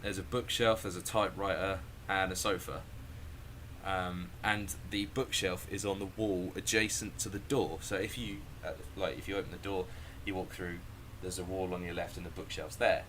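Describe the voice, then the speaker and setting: A man spins a casual, sweary tale in a low, forceful voice, laughing as he acts out each scene. His delivery is lively and punchy, with faint noise in the background. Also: normal speed. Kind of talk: casual storytelling.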